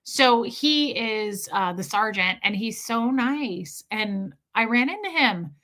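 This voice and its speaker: A woman hosting a casual livestream tells a story in a chatty, animated way, thanking her viewers between sentences. Her voice is fairly high and slow.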